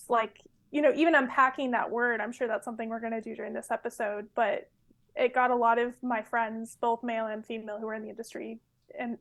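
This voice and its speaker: A woman in her twenties from California talks casually as a podcast guest. Her voice sits a little high. She tells stories in a loose, chatty way, full of fillers and easy laughs. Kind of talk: casual interview chat.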